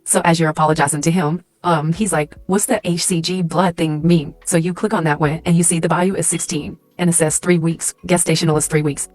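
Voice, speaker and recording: Rapid-fire profane woman storyteller. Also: low voice, no echo. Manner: fast, profane, acts out quoted dialogue. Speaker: storyteller in a clip. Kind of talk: casual storytime told in second person.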